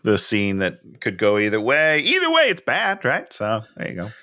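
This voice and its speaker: A man with a bright, forceful voice and a lively, swooping pitch chats casually on a podcast. He is enthusiastic, throws in quick asides and swears without a second thought. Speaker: podcast co-host. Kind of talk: casual chat.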